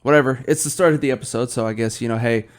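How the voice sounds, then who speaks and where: A young man hosts his own podcast alone, rambling loosely over a beer. He swears freely and yawns as he talks. His voice sits at an ordinary middle pitch. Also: racing. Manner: rambling, swears often, yawning. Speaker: podcast host. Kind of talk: casual solo chat while drinking beer.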